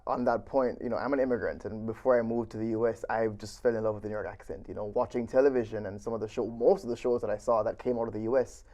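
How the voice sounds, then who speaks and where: A man's voice: fairly low pitch, fairly even intonation, fast, few pauses, dark tone. A man hosting a radio interview, asking questions conversationally. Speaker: interviewer, student radio host.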